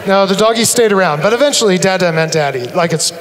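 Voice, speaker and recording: A man with a notably high voice gives an animated, humorous talk from a stage, acting out his examples. His voice rings through a large auditorium with a long, lingering reverb. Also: quick pace. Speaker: conference speaker. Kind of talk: live conference talk to an audience.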